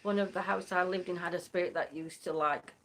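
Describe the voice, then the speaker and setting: A woman's voice: on the low side, steady tone, fairly quick, a bit bright, recorded from a distance. A woman hosting a casual chat, giggly and crying with laughter, unable to pull herself together. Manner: giggly, keeps dissolving into helpless laughter. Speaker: host.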